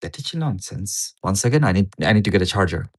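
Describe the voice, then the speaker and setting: Reading a paper on his livestream, this low-voiced man rambles in an animated, slightly fast way. His commentary is casual, full of repeated words and easy swearing.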